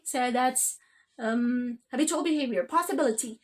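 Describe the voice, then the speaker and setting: Woman, English grammar teacher, fairly high voice, keeps saying okay. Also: normal speed, a little hiss or hum. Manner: says "okay?" after nearly every phrase. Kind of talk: grammar lesson.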